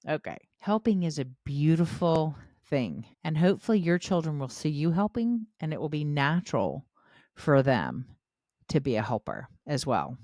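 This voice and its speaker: A middle-aged woman giving encouraging parenting advice in a casual podcast, acting out quoted voices with animated shifts. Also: deep voice, no room sound. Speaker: podcast host, parenting educator.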